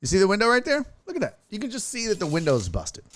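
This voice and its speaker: A man's voice: high-pitched, quick pace. A man hosting a sports stream, reacting to clips in casual, profane commentary, laughing often and mocking fans. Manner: excitable, laughs often, swears a lot, mocking impressions.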